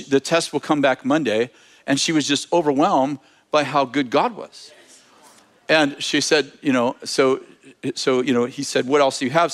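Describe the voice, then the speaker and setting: Animated storytelling preacher, man. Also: mid-range voice. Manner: animated, self-correcting anecdote telling. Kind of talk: storytelling sermon.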